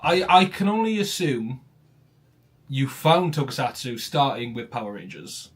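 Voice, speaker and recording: A Welsh man hosting a relaxed live chat, his accent smoothed toward general British. He talks in quick, animated bursts and laughs a lot. His pitch sits in the middle range. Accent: Welsh, softened toward general British. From Wales. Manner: chatty, laughs often, animated. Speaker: host. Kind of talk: casual chat on a stream.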